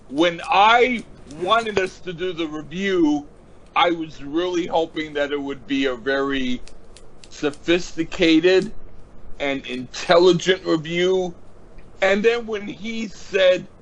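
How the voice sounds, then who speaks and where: A man's voice: high-pitched, slow pace, muffled recording. A man co-hosting a casual album-review chat, a little drunk and swearing through a mock-furious rant. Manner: profane, mock-furious ranting. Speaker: podcast co-host reviewing albums.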